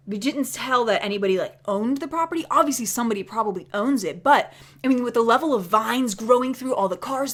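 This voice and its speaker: A woman telling a spooky story in a chatty, animated way, dropping into whispers for the scary parts. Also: on the high side. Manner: chatty, many fillers of "like". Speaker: vlogger. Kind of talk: casual storytelling.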